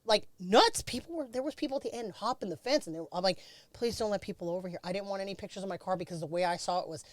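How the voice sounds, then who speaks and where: A woman's voice: medium pitch, very fast, dry recording. A middle-aged woman, a former race car driver, bluntly recounting a crash in a candid interview, swearing freely.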